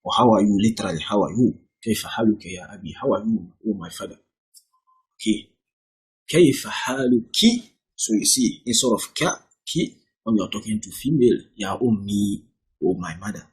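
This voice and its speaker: A man's voice: on the low side, animated, fast talker, darkish tone, husky. A man teaching an Arabic lesson, who reads example sentences and then translates and explains each one.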